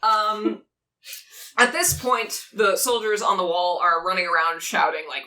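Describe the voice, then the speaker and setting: A woman narrating as game master of a tabletop game, casual and swearing freely, now and then slipping into quick voices for townsfolk. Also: medium pitch, steady tone, pushed and bright, far from the mic.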